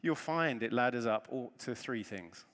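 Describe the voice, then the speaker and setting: A man giving a conference talk, telling a self-deprecating story with lively humor from the stage. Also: mid-range voice, normal speed. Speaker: conference speaker. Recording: long reverb of a large hall.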